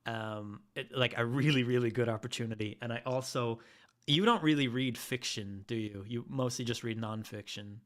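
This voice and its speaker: A man's voice: medium pitch, moderate pace, a bit bright. A man co-hosting a podcast in casual chat, swearing freely and often hesitating with fillers. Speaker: podcast co-host.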